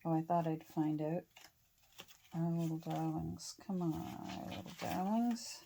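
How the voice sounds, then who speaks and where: A woman's voice: low-pitched, fairly even intonation, a little slow, gravelly, dark tone, slight background noise. A middle-aged woman from Canada chatting casually with lots of fillers and restarts while she works on a craft project in her home studio. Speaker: craft vlogger.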